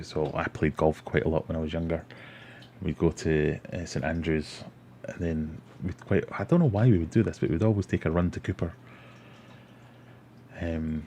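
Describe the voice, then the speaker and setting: A man's voice: sits low, warm tone, slight background noise. A middle-aged Scottish man hosting a casual livestream, rambling chattily and reading out viewer comments. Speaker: livestream host. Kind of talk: casual live-stream chat.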